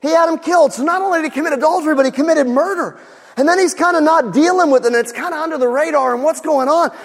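A man preaching a sermon, animated, repeating words, going soft for storytelling and rising to shouts. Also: very high voice, quick pace, long reverb tail. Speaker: pastor.

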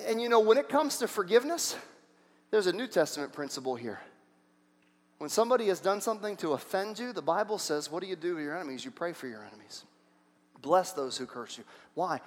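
A man preaching a sermon as pastor, animated, putting questions to the congregation and often restarting his sentences. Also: high voice. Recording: long hall reverb.

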